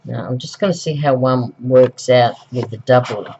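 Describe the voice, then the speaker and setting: A woman's voice: a bass voice, normal speed, gravelly, dark tone, a little hiss or hum. A middle-aged Australian woman with the flu, chatting casually through a craft tutorial at home, rambling with lots of ums and self-corrections. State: recovering from flu. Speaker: craft vlogger. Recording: dull, lo-fi home recording.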